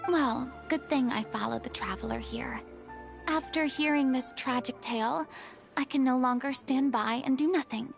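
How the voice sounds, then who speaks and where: A woman's voice: sits high, normal speed, creaky, music in the background. A woman voicing a dramatic young former stage diva in a video game, speaking in a flowery, theatrical way. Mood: gracious.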